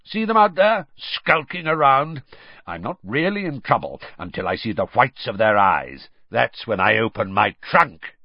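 A man voicing a gruff, suspicious old male wizard who talks in clipped growls, in a muffled lo-fi recording. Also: medium pitch, very animated, measured pace, no room sound.

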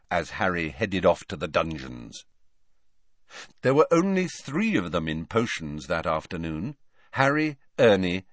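A man reading an audiobook narration in a measured, expressive way, close to the mic. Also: low-pitched, dry recording. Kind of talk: scripted narration.

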